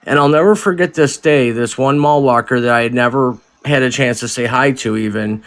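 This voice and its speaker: A man on a video call telling a short true story, quick and self-amused. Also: medium pitch, a bit bright. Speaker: participant.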